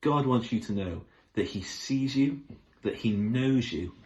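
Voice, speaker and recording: Animated kids' teacher. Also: male voice, medium pitch, unhurried, low-quality recording. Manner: enthusiastic, asks the children questions. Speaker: children's Bible lesson leader. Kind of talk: children's Bible lesson.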